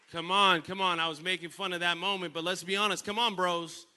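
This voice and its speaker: A young adult man preaching a lively sermon in a church, telling playful stories and calling for responses from the congregation, with sudden loud bursts. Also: high-pitched, brisk, few pauses, a faint crowd. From Northern California. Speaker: pastor. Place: church sanctuary.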